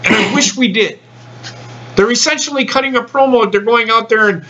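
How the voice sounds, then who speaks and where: A man's voice: sits high, animated, moderate pace, pauses often, pushed and bright, highs cut off. Man hosting a casual wrestling chat. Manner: blunt, swears freely. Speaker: podcast host.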